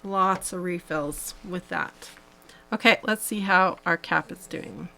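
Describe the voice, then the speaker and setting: A woman's voice: fairly low pitch, takes it slowly, vocal fry, sharp tone, soft background music, rough recording. A woman hosting a live craft tutorial, chatting casually as she demonstrates each step, with plenty of fillers. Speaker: host.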